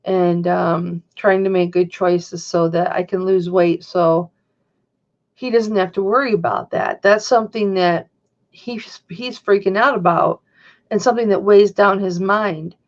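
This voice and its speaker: A woman's voice: medium pitch, fairly even intonation, measured pace, highs cut off. A woman hosting a casual livestream, talking in a chatty, rambling way and answering viewers' chat. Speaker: livestream host. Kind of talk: casual chat to a live audience.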